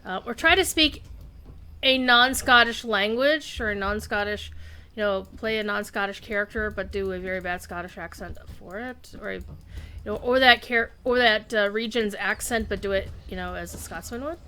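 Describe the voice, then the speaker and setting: A woman's voice: medium pitch, moderate pace, pushed and bright, smooth. A woman streaming a game live, chatting loosely with viewers and rambling between tasks. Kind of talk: casual live-stream chat while gaming.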